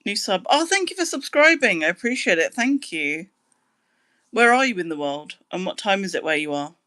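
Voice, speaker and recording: A woman's voice: on the low side, a bit bright. British woman chatting on a live stream. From Britain. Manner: chatty, hums to fill pauses. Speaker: livestream host. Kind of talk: casual live stream chat with viewers.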